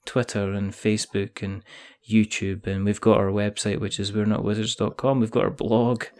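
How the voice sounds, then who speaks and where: A man's voice: on the low side, little pitch movement, normal speed, darkish tone. A Scottish man hosting a casual podcast chat, jokey, rambling and self-mocking. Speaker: podcast host.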